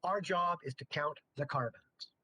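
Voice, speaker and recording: A man's voice: a little high, unhurried, pushed and bright, slight background noise. A middle-aged man teaching a chemistry class in a casual, joking way, full of chatty asides. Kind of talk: casual lecture.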